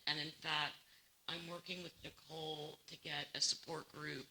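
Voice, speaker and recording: A woman presenter answering audience questions at a community seminar in a measured, reassuring way. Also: low voice, flat delivery, sharp tone. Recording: echoey room with faint noise.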